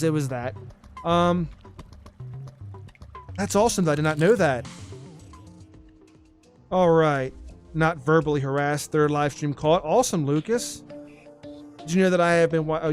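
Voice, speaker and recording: A man streaming a game live, chatting casually and answering his chat as he plays. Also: on the high side. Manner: chatty, reads and answers chat, frequent restarts.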